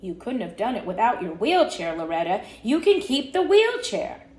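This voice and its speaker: A woman's voice: mid-range voice, sing-song, moderate pace, a little mellow, natural voice. A woman voicing a firm father in a children's story, making declarations to the family. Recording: roomy echo.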